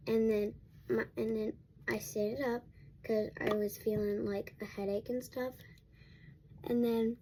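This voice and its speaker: A woman's voice: on the high side, little pitch movement, unhurried, long pauses, noisy background. A young woman vlogger telling a casual storytime at home while getting ready, rambling with many restarts and fillers.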